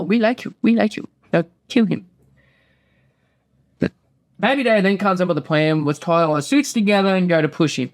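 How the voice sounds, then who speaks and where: Man, high-pitched, casual host, swears a lot, rambling recap. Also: brisk. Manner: rambling, swears often, acts out quotes. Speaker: podcast host.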